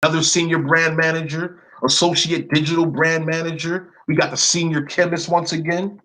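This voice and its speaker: A man's voice: fairly high pitch, flat delivery, normal speed, sharp tone, low-quality recording. A man giving a screen-share commentary, reading long word lists aloud in a blunt manner and cursing now and then. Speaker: presenter.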